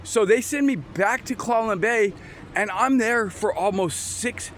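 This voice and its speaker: A man with a high-pitched voice tells his story outdoors in a loose, rambling way, stopping and restarting sentences as he goes. Faint traffic and street noise sit behind him on a windy, overcast day. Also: a little slow, a bit bright. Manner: rambling, restarts, acts out quoted exchanges. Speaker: storyteller sharing his testimony. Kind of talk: casual personal testimony.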